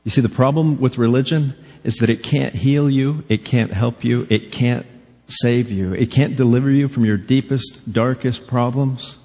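A man's voice: medium pitch, darkish tone, slightly rough. A male pastor preaching a sermon in a church, earnest and pressing his listeners with repeated direct questions. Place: church sanctuary. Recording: long reverb of a church hall.

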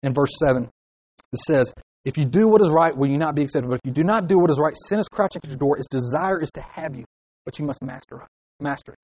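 A man's voice: on the high side, fast, darkish tone, rough recording. A young man preaching a sermon, acting out short angry inner voices to make his points.

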